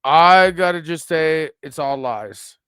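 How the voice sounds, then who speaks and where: A man's voice: on the high side, animated, takes it slowly, a bit bright, smooth, dry recording. A man appearing as a guest on a livestream, angrily denying accusations in profane, rambling talk. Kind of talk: heated livestream commentary.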